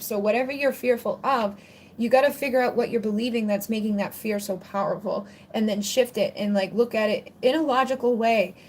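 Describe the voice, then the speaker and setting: A woman's voice: fairly high pitch, slight background noise. A woman hosting a casual livestream Q&A on spiritual topics, chatty and rambling with plenty of "like" fillers. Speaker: spiritual channel host answering viewer questions.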